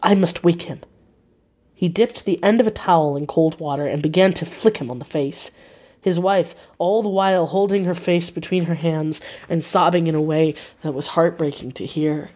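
Woman narrating a gothic audiobook. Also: sits low. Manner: measured, expressive reading.

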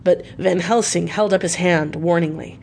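A woman narrating a classic novel in a measured, steady reading voice. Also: fairly low pitch, gravelly, slight background noise. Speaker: audiobook reader. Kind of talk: scripted narration.

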